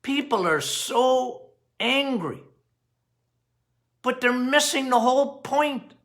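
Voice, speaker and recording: A middle-aged man, a doctor hosting a health podcast, talking straight to his listeners in an animated way, going off on tangents and repeating phrases for emphasis. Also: extremely high pitch, slow. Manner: animated, talks straight to listeners, quotes patients in playful voices.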